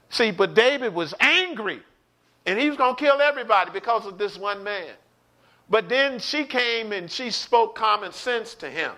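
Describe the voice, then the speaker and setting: A man preaching an online Bible study, animated, repeating words and calling out to his listeners. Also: high-pitched, normal speed. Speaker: pastor teaching a Bible study.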